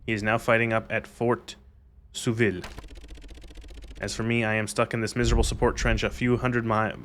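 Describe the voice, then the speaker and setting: A war-weary young soldier writes home to his mother, read out by a man in his own low voice. He speaks slowly and plainly, with no accent. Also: slight background noise, close to an everyday voice. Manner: plain, steady reading without accent.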